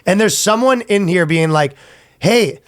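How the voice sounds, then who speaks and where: A man's voice: medium pitch, fairly quick, dry recording, clean studio sound. A man co-hosting a comedy podcast, riffing casually with profanity and frequent laughter. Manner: animated, profane, laughing riffs. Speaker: podcast co-host.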